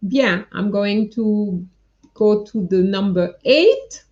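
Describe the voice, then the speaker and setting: A woman's voice: medium pitch, takes it slowly, darkish tone, highs cut off. A woman teaching French in a live online lesson, patiently going through her students' answers and correcting them one by one.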